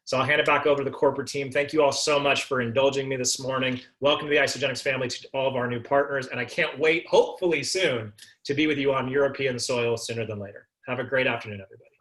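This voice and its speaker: A man's voice: mid-range voice, fairly even intonation, fast talker, few pauses, fairly bright tone. A man giving a motivational talk to a business team, emphatic and repeating his key phrases.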